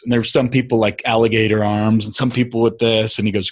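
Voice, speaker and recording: A middle-aged man recounting a turning point in a relaxed interview. His voice is husky and a little breathy, and he slips into animated impressions of the people he quotes. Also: medium pitch, fast. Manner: animated storyteller, acts out quotes. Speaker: guest. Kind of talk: casual storytelling chat.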